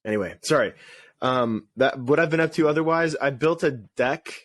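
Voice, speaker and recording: A man's voice: mid-range voice, normal speed, no room sound. Rambling self-deprecating man, dry close sound. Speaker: podcast co-host. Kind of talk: casual chat.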